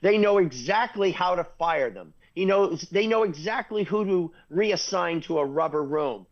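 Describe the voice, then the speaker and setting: A man's voice: high-pitched, expressive, moderate pace, dull audio. An older man hosting a talk radio show, blunt and opinionated, chuckling at his own jokes.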